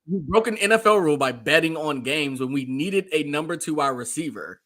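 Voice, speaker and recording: A man's voice: a little high, lively intonation, a little fast, fairly bright tone. A man co-hosting a sports talk show, agreeing a lot and chiming in with his own gripes. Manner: agreeable, backchanneling. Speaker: podcast co-host. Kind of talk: casual sports chat.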